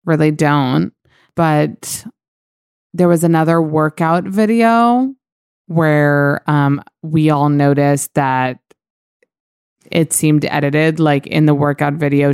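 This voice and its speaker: A woman's voice: low-pitched, a little mellow, clear, resonant tone, dry recording, studio quality. A woman hosting a podcast, chatting casually about celebrity gossip with lots of "like" and fillers. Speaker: podcast host.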